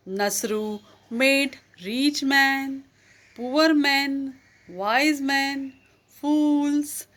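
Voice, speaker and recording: A woman reading a children's story aloud in a gentle, deliberate storytelling manner. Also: sits high.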